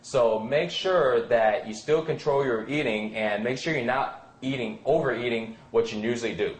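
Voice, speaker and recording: A man's voice: medium pitch, moderate pace. A man talking as a fitness coach in a casual advice chat, rambling with many fillers and acting out what friends might say. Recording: echoey room.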